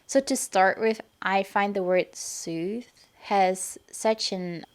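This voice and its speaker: A young woman from Germany hosting a podcast, calmly explaining and analyzing her own poetry and reading verse aloud. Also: medium pitch, takes it slowly, hardly any pauses, smooth. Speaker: podcast host. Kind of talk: casual explanatory monologue on poetry.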